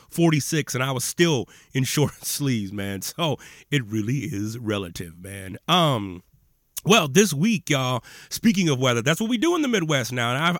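A man's voice: mid-range voice, fairly bright tone, dry recording, clean studio sound. A man hosting a podcast in a laid-back, slangy chat, often laughing as he talks. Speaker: podcast host.

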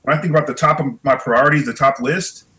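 A man's voice: fairly high pitch, fairly even intonation, fast, sharp tone, low-quality recording. A middle-aged man, a podcast guest, talking reflectively in a casual conversation and often repeating words as he thinks.

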